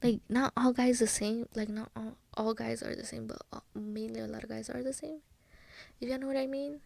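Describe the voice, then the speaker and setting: A young woman hosting a solo podcast, telling a personal story casually, with slang and Spanish phrases mixed in, often dropping to a soft whisper. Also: on the high side, fairly even intonation, brisk, gravelly, no room sound. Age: young adult.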